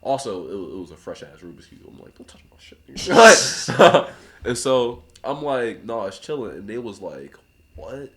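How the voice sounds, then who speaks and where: A young man, a rapper guest on a podcast, telling a story in a relaxed casual way, laughing often and acting out other people's lines. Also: fairly low pitch, moderate pace. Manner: laughs often, acts out voices in anecdotes.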